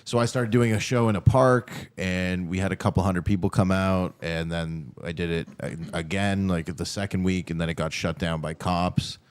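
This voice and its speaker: A man from Canada, a comedian, tells stories in a casual, wandering way. His voice sits very low and has a smooth, resonant tone. The sound is dry and close. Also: fairly even intonation, normal speed, hardly any pauses, no echo. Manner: loose, rambling storytelling with fillers. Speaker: comedian guest. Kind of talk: casual chat.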